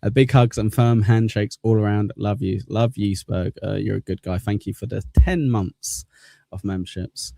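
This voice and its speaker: Guy on a stream thanking members, rambly and jokey, mellow low voice. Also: steady tone, normal speed, creaky, dry recording, studio quality. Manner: rambling and self-deprecating, with chuckles and fillers. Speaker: livestream host. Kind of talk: casual chat thanking channel members.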